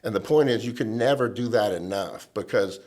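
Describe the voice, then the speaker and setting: A middle-aged man, a lobbying veteran telling lively stories as a podcast guest and acting out the people he quotes. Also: lowish voice, brisk. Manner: animated storyteller who acts out quoted people. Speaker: government relations veteran, guest. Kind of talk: casual storytelling chat.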